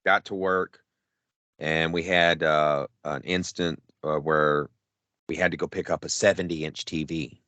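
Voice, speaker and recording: Man, very low voice, dry close mic, casual podcast storytelling, swears a lot, rambles. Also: fairly even intonation, measured pace, pushed and bright, no echo. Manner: profane, rambling, acts out quotes. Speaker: podcast co-host.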